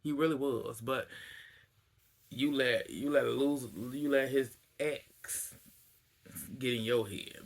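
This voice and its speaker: Male recapper, bright and lively, loose gossipy storytelling. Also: medium pitch. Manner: animated storytelling, acts out cast quotes, laughs often. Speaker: reality TV recapper. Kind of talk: casual recap.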